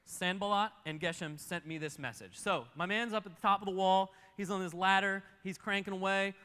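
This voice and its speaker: A man preaching a sermon as pastor, telling the story fast and animatedly and acting out the characters. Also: sits high, bright, forceful tone, clean tone, long reverb tail. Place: church auditorium.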